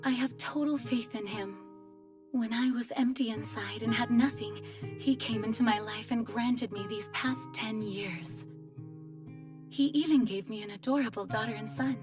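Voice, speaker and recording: A woman voicing a gentle, caring anime mother of two with a soft, soothing way of talking. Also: on the high side, normal speed, recorded from a distance, over music, close to an everyday voice. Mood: tender.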